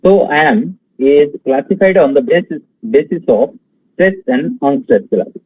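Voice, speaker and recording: Slow, husky-voiced male lecturer on a thin line. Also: fairly high pitch, animated, no room sound, phone-quality sound. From India. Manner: slow, halting delivery with many fillers, counting out feet and stresses. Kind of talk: online exam-prep lecture.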